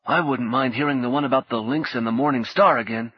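A man playing a simple, round-faced figure in an audiobook, plain and contented. The voice is husky, on a dull lo-fi recording. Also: mid-range voice, fast talker, no room sound, lightly acted.

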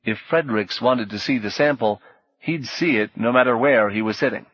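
A man reading audiobook narration in a measured, even storytelling manner. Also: medium pitch, no echo. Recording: dull lo-fi dry audio.

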